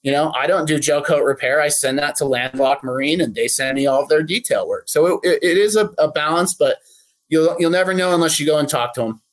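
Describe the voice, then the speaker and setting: A man's voice: a little high, brisk. A man who runs a boat detailing shop, speaking in a casual podcast interview in a friendly, practical way with plenty of fillers.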